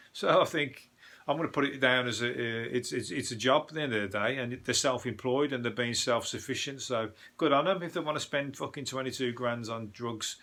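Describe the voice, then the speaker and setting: A man with a thick Birmingham accent riffs through the day's news like a comedian on a podcast. His voice is bright and forceful at an ordinary middle pitch. He rambles, swears freely and fills gaps with uhs and ums. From England. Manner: rambling, sweary, joking asides with frequent fillers. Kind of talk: casual news review chat.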